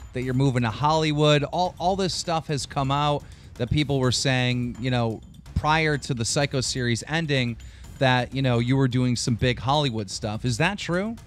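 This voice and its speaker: A male host asks his guest long, rambling questions. He says "like" and "you know" a lot. His voice has a middling pitch, and soft music plays underneath. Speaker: interviewer, host. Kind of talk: interview questions.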